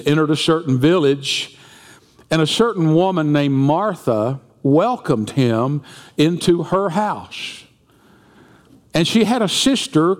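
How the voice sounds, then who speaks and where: Male pastor, sermon delivery, storyteller who acts out voices, long hall reverb. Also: on the high side. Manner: storytelling, acting out quoted voices. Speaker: senior pastor.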